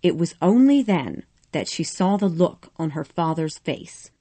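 Woman narrator, storybook reading, slow, expressive, lively pitch, mellow lowish voice. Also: no room sound. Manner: expressive, measured.

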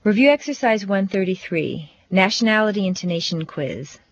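A woman teaching English pronunciation, reading set phrases and sentences with slow, deliberate, exaggerated stress for learners to repeat. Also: medium pitch, animated, no echo, dull audio. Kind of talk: scripted pronunciation drill.

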